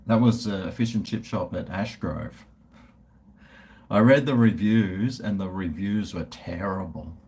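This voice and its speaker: An Australian man talks casually on a livestream, reading out and answering viewers' comments. His pitch moves around a lot as he rambles, with restarts and trailing thoughts. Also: a little mellow. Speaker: food reviewer and livestreamer.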